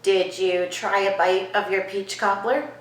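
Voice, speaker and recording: Slow-talking woman in an echoey kitchen. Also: mid-range voice. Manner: slow, hushed questions to a spirit, excited asides to viewers. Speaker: vlogger host. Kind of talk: casual paranormal vlog. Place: home kitchen.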